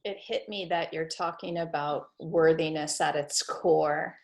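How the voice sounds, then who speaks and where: A woman's voice: deep voice, steady tone, measured pace, vocal fry. A woman hosting an interview, asking questions in an encouraging way and laughing along with her guest. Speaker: podcast host. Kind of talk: interview conversation.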